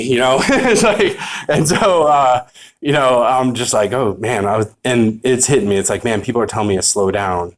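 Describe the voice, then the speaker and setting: A man's voice: fairly low pitch, brisk. A middle-aged man telling his recovery story at a meeting, rambling and candid, stopping often to ask if you know what he means. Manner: candid, self-mocking with laughs. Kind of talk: personal recovery testimony.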